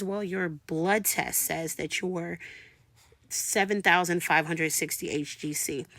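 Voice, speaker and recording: A woman in her thirties telling a casual storytime vlog, animated and slangy, acting out both sides of each conversation. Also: fairly low pitch, moderate pace, creaky, dry recording. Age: 30s. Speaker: vlogger.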